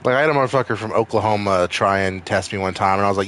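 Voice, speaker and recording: A young man from Maine rambles, swears casually and cracks jokes while streaming a game, his Maine accent clear. He talks very fast with hardly any pauses in a fairly low, fairly bright voice, over slight background noise.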